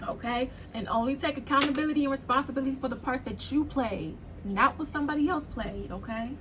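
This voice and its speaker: A woman with a high-pitched voice gives a casual spiritual tarot reading. She is blunt and preachy and swears freely. A faint hiss sits under the recording. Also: fast talker. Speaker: tarot reader.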